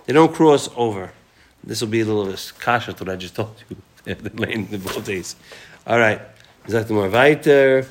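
A man leads a relaxed Talmud class. He quotes passages in Aramaic and Hebrew, then explains them in easygoing, conversational English. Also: lowish voice, normal speed, background noise. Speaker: Talmud teacher.

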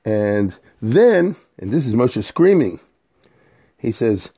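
A man's voice: mid-range voice, big pitch swings, slow pace, mellow, husky. A middle-aged man giving an informal scripture lesson, explaining Hebrew verses in plain English in a conversational way. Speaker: Torah teacher.

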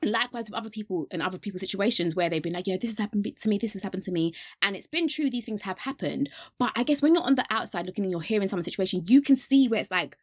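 A woman hosts a relaxed faith podcast with friends. Her voice is slightly husky and sits mid-pitch, recorded close and dry. She talks in an animated way, laughing easily and acting out the things people say. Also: very fast, hardly any pauses, no echo. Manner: animated, laughs often, acts out quotes. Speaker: podcast host. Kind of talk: casual faith discussion.

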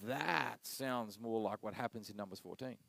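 A middle-aged man, preaching a sermon as pastor, animated and acting out quoted voices. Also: fairly low pitch, fairly quick, no room sound, rough recording.

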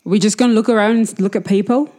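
A woman's voice: mid-range voice, fairly even intonation, racing, warm tone, pitched above the performer's own voice, natural voice. A woman doing a drunk, furious old brawler woman. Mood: gruff. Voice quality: rough Irish-tinged put-on accent.

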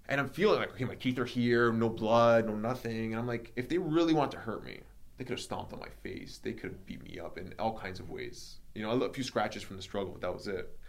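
A man with a low-pitched voice recounts a personal story in a relaxed podcast chat. He talks animatedly, acting out what others said, with plenty of ums and likes. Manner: animated, reenacts dialogue, many fillers. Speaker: podcast host telling his story.

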